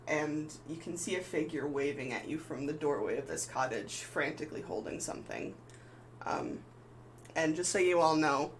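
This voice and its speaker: A woman's voice: low-pitched, a little hiss or hum, poor audio. A woman narrating as game master of a tabletop game, hesitant and full of ums and restarts.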